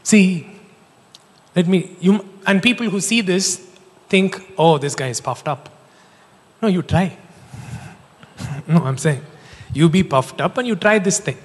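A man preaching a sermon, telling stories in an animated, joking way. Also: sits high, slow, long pauses, breathy edge. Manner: animated storytelling, jokes and laughs. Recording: long hall reverb.

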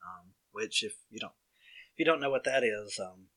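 A man's voice: fairly low pitch, moderate pace. A young man with an Alabama Southern accent, chatting casually and rambling with lots of restarts and fillers. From Walker County area, Alabama. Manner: rambling, many restarts and fillers, animated storytelling. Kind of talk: casual chat.

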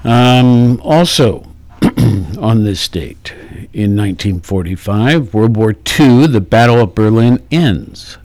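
Unhurried, low-voiced male radio host. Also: lively intonation, darkish tone, dry recording. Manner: unhurried, with fillers and self-corrections. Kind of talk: casual radio talk. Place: radio studio. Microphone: studio microphone.

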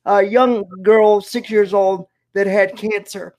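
A man hosting an interview, who speaks haltingly, repeats his words and gets emotional at times. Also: high voice, steady tone, darkish tone. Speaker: interview host. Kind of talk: casual interview chat.

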